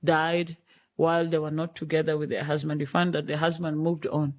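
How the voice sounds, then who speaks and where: A man's voice: a little high, level tone, fairly quick. A man from Kenya, earnestly explaining his view in a street interview.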